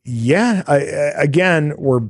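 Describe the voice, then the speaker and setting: A man's voice: fairly high pitch, lively intonation, slow pace, slightly rough, no room sound, clean studio sound. A man hosting a podcast, rambling through a casual film recap with many fillers and the odd swear word. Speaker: podcast host.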